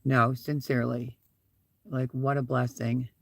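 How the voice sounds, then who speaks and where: A man's voice: mid-range voice, flat delivery, a little slow, gravelly, fairly bright tone, no room sound. A man hosting a casual live stream from inside his SUV, rambling through stories and repeating his thanks while he reads out viewer comments.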